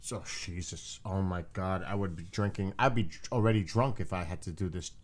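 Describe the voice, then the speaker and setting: A man hosting a live stream in a loose, joking chat. His voice sits fairly low, and he talks with animated, chatty energy. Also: a little fast. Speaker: stream host.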